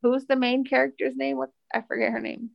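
Gravelly young woman, rambling podcast chat. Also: high voice, little pitch movement, fairly quick, dry recording, dull audio. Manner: rambling, trails off and restarts mid-thought. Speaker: podcast co-host.

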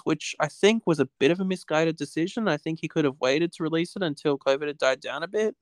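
A man's voice: fairly high pitch, lively intonation, moderate pace, dry recording, clean studio sound. A man, a podcast guest talking at home in a rambling, casual way, often saying "basically" and restarting sentences. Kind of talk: casual conversation. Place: home with cats.

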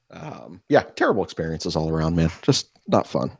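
A man's voice: sits low, very animated, normal speed, creaky, few pauses, a little mellow, husky, no echo, highs cut off. A young man co-hosting a podcast, telling rambling, profane stories in casual chat. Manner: swearing, rambling storyteller. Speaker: podcast co-host.

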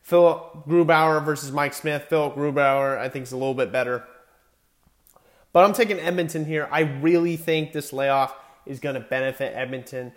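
Young male sports talker, casual and chatty, self-correcting, mid-pitch. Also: fairly even intonation, normal speed. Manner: chatty, self-correcting, stumbles over names. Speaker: sports commentator. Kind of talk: casual hockey playoff predictions.

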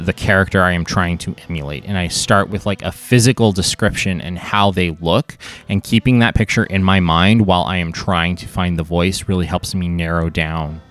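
A man, the game master of a podcast, chatting casually and thinking aloud with fillers. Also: low-pitched.

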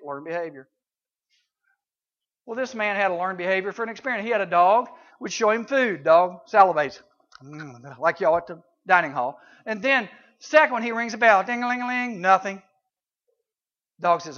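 High, bright man telling stories. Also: expressive, a little fast. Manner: storytelling with sound effects and voices. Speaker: camp speaker. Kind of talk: folksy teaching talk to youth. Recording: dull lo-fi recording.

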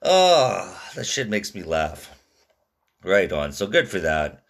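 Man, podcast host, casual profane storytelling, lively swings in pitch. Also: takes it slowly, creaky. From Canada. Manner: profane, laid-back storytelling with lots of "like" and "man". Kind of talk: casual rambling monologue.

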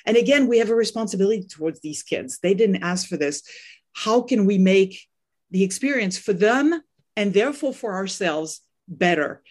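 A middle-aged French woman with a French accent appears as a guest on a podcast interview, speaking as a parenting coach. Her mid-range, slightly mellow voice is expressive and moves at a moderate pace. She talks earnestly, often repeating words as she finds her thought.

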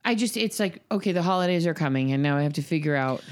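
Animated lower-voiced woman telling stories. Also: quick pace. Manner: animated storyteller who acts out quoted voices. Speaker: podcast co-host and mother. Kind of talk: casual chat.

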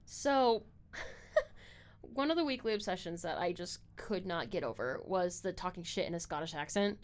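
A young podcast host chats casually at a normal speed, her fairly low voice carrying lively intonation. She rambles, leans constantly on "like" and other fillers, and curses without restraint.

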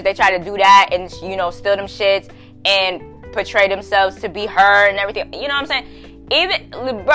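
Young woman podcasting, slangy and loud, laughing a lot, cussing, faint music behind. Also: medium pitch. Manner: animated, profane, slangy, laughs loudly. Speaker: podcast host. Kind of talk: casual storytelling monologue.

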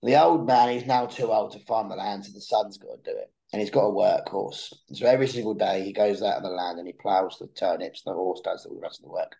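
A man's voice: lowish voice, quick pace, gravelly, hardly any pauses, rough recording. A young man telling a long story in a casual chat, restarting and repeating words as he goes. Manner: animated storyteller who repeats words when starting sentences. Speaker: podcast guest.

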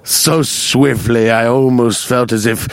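A man voicing a pompous upper-class British gentleman with a put-on British accent, in slow, grand, mock-formal speech. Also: medium pitch, steady tone, vocal fry, clear, resonant tone, no echo. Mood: grandly formal.

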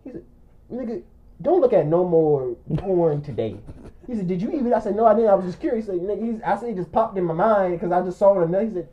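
A man's voice: high-pitched, racing, hardly any pauses, dull audio. A man telling a story in casual chat, animatedly acting out both sides of the conversation.

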